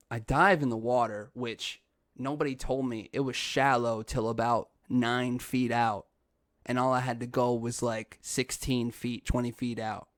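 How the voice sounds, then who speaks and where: Young man, podcast host, casual storytelling, laughs a lot, swears, mid pitch, dry close mic. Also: fairly bright tone, dry recording. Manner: laughs often, swears, says dude and like.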